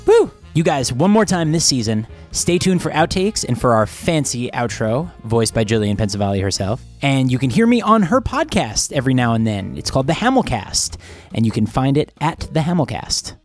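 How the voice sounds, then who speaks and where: A man's voice: medium pitch, big pitch swings, moderate pace, soft background music. A man co-hosting a comedy podcast, talking in a wry, casual way. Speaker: podcast co-host.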